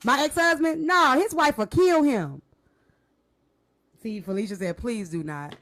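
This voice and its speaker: A woman's voice: a little high, unhurried, crowd noise. A woman hosting a casual chat, slangy and profane, laughing nervously as she talks. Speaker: podcast host.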